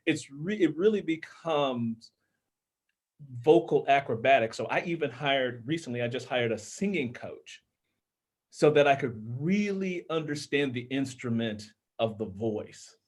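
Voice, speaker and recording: A man's voice: mid-range voice, animated, unhurried. Man, from Minnesota, tenor voice, earnest, explanatory, casual panel chat, video call. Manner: earnest, explanatory, with filler-laden restarts. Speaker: author and audiobook narrator.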